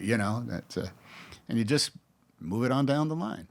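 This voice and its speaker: A man's voice: mid-range voice, lively intonation, moderate pace, long pauses. A man in his sixties with an American accent, telling stories in a casual interview, rambling with restarts and mimicking other voices. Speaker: actor, interview guest.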